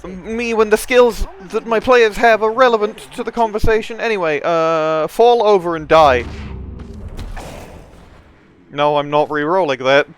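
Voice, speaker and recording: A man's voice: high voice, normal speed, few pauses, a little hiss or hum. Playful man narrating his game moves. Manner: chatty, playful, narrates own moves aloud. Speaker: player in a tabletop sports game. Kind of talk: casual chat while playing online.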